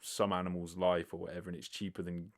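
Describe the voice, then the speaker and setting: A British man hosts his own podcast alone, working through listener questions. His voice sits a little low. He talks loosely, wanders off on tangents, pokes fun at himself and swears now and then. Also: little pitch movement, fast. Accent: British English. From Britain. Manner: rambling, self-deprecating, swears casually, lots of fillers. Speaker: podcast host. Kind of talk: casual solo podcast answering listener questions.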